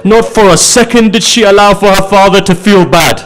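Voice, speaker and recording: A man preaching a sermon as a story, his delivery emotional and moving between animated passages and hushed, grieving ones. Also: high-pitched, fairly quick, some chatter behind.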